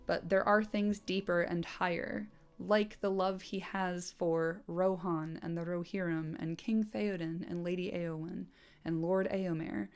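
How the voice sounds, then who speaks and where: A woman's voice: lowish voice, little pitch movement, measured pace, a little mellow, clean tone. A woman hosting a casual book commentary, chatty and enthusiastic, laughing often and swearing playfully. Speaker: host.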